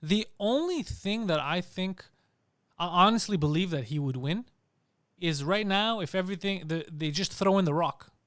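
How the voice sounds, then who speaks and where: A man's voice: high voice, expressive, moderate pace, fairly bright tone, dry recording, studio quality. A man co-hosting a comedy podcast, ranting in casual, profane banter. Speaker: podcast co-host.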